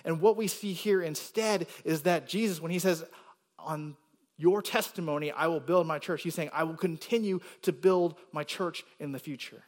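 A man with a somewhat high voice delivers a teaching sermon to his congregation. He explains each point step by step, keeps asking whether listeners follow, and punches the words he quotes with extra force. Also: normal speed. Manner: explanatory, rising emphasis on quoted words, frequent "right?" checks. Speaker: pastor.

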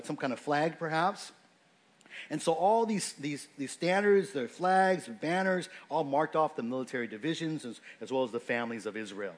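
A man giving a sermon in a conversational, unscripted way, with frequent fillers and restarts as he explains a scripture passage. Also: on the high side. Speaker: pastor.

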